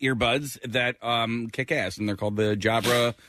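A man's voice: mid-range voice, fairly even intonation, moderate pace, a bit bright. A man co-hosting a radio show, chatting in an easygoing, joking way. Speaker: radio co-host. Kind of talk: casual talk radio chat.

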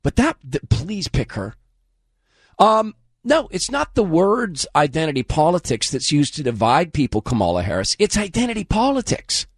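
A hoarse man runs his commentary show in a sarcastic, scornful tone, his voice lifted a bit high and swinging widely up and down. The sound is dry and close, with no room around him. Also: huge pitch swings, moderate pace, dry recording. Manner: mocking, scornful. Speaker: political commentary host.

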